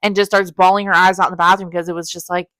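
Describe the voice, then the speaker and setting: A young woman co-hosting a podcast, retelling stories with animation and the odd swear. Her voice is bright and sharp-edged. The recording is dry and close. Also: on the low side, racing, dry recording. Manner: animated storytelling, swears freely. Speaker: podcast co-host. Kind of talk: casual chat.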